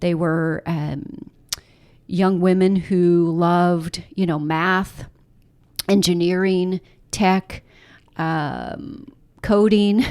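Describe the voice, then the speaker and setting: A middle-aged woman author answering interview questions in a thoughtful, conversational way, with frequent pauses and fillers. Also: fairly low pitch, steady tone, darkish tone, clean tone. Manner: thoughtful, many fillers and restarts. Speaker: author and journalist, podcast guest.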